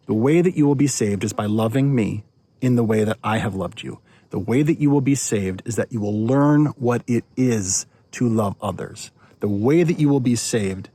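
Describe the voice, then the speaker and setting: Guy pastor doing a chatty little devotion, mid-pitched voice, repeats himself and restarts a lot. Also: darkish tone, no room sound. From United States. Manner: conversational, restarts and repeats words. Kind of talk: devotional talk.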